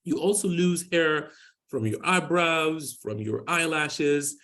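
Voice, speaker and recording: A man in his forties with a slightly high voice gives a hospital lecture on skin medicine. His speech rambles, often looping back through "you know" and restarts. He tells patient stories in an easygoing, informal way. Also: slow, fairly bright tone. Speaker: dermatologist giving a hospital lecture.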